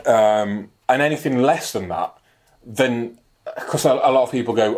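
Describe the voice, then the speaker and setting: A man in his thirties co-hosting a laid-back fitness chat. He rambles, swears freely and pokes fun at himself. His voice sits a touch low. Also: moderate pace. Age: 30s. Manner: rambling, sweary, self-mocking. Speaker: podcast co-host. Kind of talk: casual banter.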